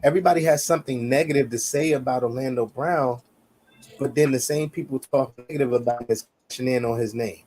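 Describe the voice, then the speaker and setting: A man co-hosting a podcast speaks fairly quickly in a mid-range, darkish voice. Locked in a heated, casual debate, he keeps emphatically going back over his points, asking "you see what I'm saying."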